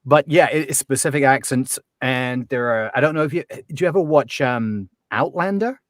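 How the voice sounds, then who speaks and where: A man's voice: mid-range voice, moderate pace, no echo, clean studio sound. A man talking casually as an accent coach in an interview, chatty and full of ums and restarts.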